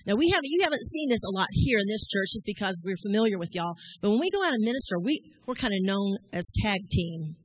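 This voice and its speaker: A middle-aged woman preaching a sermon in a lively, conversational way, often asking the congregation questions. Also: mid-range voice, fast, few pauses, husky, no echo, low-quality recording. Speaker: church leader addressing congregation.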